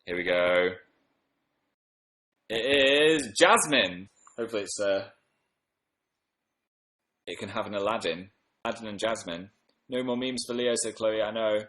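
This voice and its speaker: A man's voice: fairly low pitch, steady tone, moderate pace, long pauses, echoey room, poor audio. A man hosting a casual livestream from a room at home, tired after a late night, chatting and reading out comments with upbeat bursts. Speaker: livestream host.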